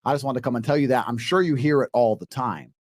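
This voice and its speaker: A man on a podcast explaining dating advice to a panel, emphatic and coaching, dropping into a calm low voice to act out his lines, recorded on a studio mic. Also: fast. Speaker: podcast guest. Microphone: studio microphone.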